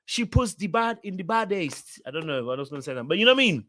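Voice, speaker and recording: A man's voice: sits high, animated, brisk, a bit bright, no room sound, clean studio sound. A man hosting a casual reality TV recap. He talks straight to his viewers and repeats words for emphasis.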